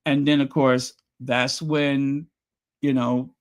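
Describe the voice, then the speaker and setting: A man casually recapping a period drama episode, telling the story with animated asides and playing out the characters' lines. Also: slow, clean tone. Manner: animated storytelling, acts out quotes with rising pitch. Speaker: show reviewer.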